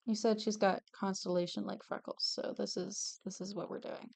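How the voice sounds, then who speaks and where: A woman's voice: medium pitch, little pitch movement, normal speed, creaky, darkish tone. A young adult woman streaming while she draws, chatting casually, gushing over characters and swearing freely, often trailing off mid-sentence. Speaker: streamer drawing commissioned art. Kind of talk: casual livestream chat while drawing.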